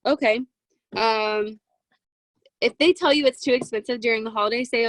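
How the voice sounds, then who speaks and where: A woman in her twenties giving a chatty, excitable motivational talk to a sales team over a video call from her closet, with plenty of "um" and "right?". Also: on the high side, moderate pace, no room sound, low-quality recording. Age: 20s. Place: home walk-in closet.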